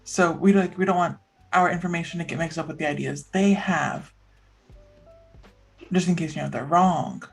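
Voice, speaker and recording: A woman at a tabletop game talks her plan through slowly, weighing each step aloud. Her voice is husky, with faint music behind her. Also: on the low side, steady tone. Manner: thoughtful, reasoning aloud. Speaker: player. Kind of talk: tabletop play.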